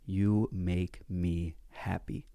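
A man's voice: low voice, fairly even intonation, takes it slowly, gravelly, warm tone, no room sound, exaggerated voice. A man voicing a sweet, smiling elderly woman who speaks in short, simple phrases of broken English. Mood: gentle.

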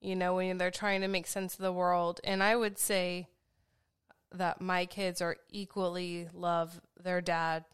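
Smooth-voiced woman speaking candidly. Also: on the low side, flat delivery, a little slow, dry recording, studio quality. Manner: candid, heartfelt, searching. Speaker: podcast co-host. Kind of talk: casual conversation.

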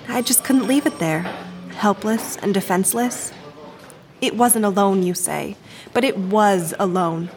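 An actress playing a grieving, distraught woman who took a baby, in an audio drama, speaking in a shaky, pleading, quiet way. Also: medium pitch, lightly acted.

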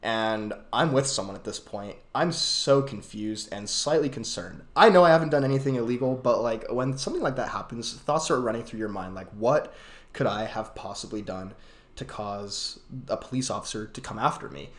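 A young man hosts a casual podcast and tells stories in a loose, rambling way. He starts over and uses lots of fillers. His voice sits in a middle pitch range, and the room around him is echoey. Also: normal speed. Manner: rambling, many fillers and restarts. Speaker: podcast host. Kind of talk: casual chat and storytelling.

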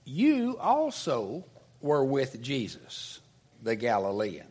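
A man's voice: medium pitch, wildly swooping pitch, slow, darkish tone, slightly rough, heavily acted. A man voicing a young female servant who points out and accuses a stranger. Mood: accusing.

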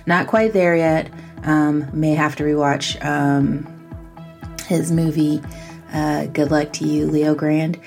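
A woman's voice: sits low, flat delivery, slow, gravelly, darkish tone, soft background music. A woman hosting a casual solo podcast, chatty and self-mocking, laughing often as she talks. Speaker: podcast host.

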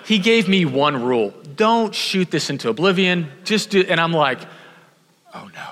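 A man's voice: fairly high pitch, lively intonation, normal speed, a bit bright, big-room sound. A man from Houston preaching a sermon, telling a self-deprecating story and acting out the voices of the people in it. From Houston, Texas. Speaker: pastor.

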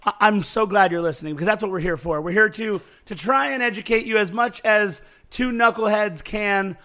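A man co-hosting a sports podcast, hoarse from the night, hyped and jokey with quick asides. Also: high-pitched, bright, forceful tone. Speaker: podcast co-host. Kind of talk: casual sports podcast chat.

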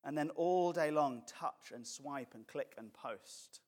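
A man's voice: on the high side, slow pace, a little mellow. A man preaching a conversational sermon as pastor, mixing jokes and acted quotes.

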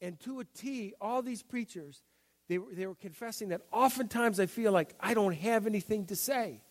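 A middle-aged man with a notably high voice preaches to his congregation. He talks in an easygoing, conversational way and slips into quick character voices to act out the story. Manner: conversational, acts out Bible scenes in voices. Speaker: pastor. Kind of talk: sermon.

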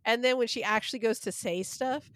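A woman co-host in loose banter, blunt and teasing, dropping swear words and laughing easily. Her voice is fairly high, recorded close and dry. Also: fairly quick, dry recording. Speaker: podcast co-host. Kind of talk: casual banter.

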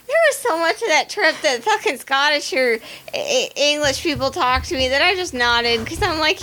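A woman's voice: high-pitched, moderate pace, a little hiss or hum, rough recording. A woman with a Southern American accent telling blunt, profane stories in casual chat. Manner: blunt, profane, animated storytelling.

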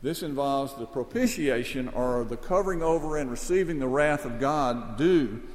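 A man preaching an expository sermon with earnest conviction, climbing to emphatic peaks and then sinking low and quiet. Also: normal speed, long reverb tail.

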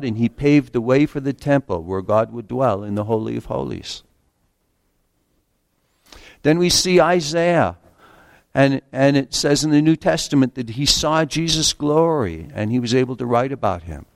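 A man's voice: medium pitch, vocal fry, no echo. Earnest male preacher, dry sound. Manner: earnest, slows down to read scripture, repeats words at restarts. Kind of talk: sermon.

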